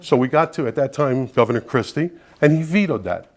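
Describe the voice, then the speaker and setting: A man's voice: medium pitch, animated, brisk. A man leading an advocacy group, giving a conversational, persuasive talk to an audience and often dropping in asides. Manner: earnest, persuasive, with frequent "you know" asides.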